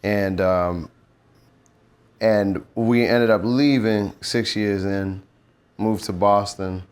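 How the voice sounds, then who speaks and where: A young man from Nigeria chats in a relaxed, reflective way about his music and childhood. His voice sits low and calm. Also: takes it slowly, clean tone. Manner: relaxed, reflective, slips into rap flows. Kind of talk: casual interview chat.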